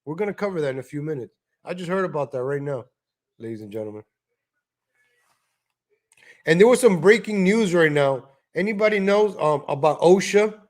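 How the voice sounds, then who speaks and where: High-voiced ranting New man. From New York. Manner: heated, mocking, profane rant. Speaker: live stream host. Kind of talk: live stream commentary over a video.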